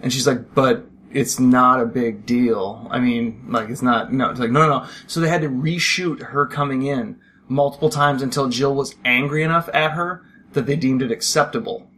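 A man's voice: mid-range voice, fairly even intonation, moderate pace, a bit bright. A man in the middle of a casual podcast chat, telling a long rambling anecdote. He acts out the people he quotes and breaks into laughter as he goes. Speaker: podcast co-host. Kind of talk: casual chat about a film.

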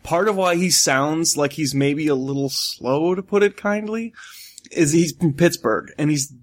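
A man co-hosting a casual movie review chat, animated and joking, laughing often as he riffs. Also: a little high, a little slow. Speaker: podcast co-host.

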